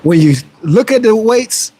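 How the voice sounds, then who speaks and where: A man's voice: sits high, expressive, unhurried, dark tone. A man hosting a casual fitness livestream, reading viewer messages aloud and answering them in an upbeat, motivational and playfully boastful way. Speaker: fitness streamer and trainer.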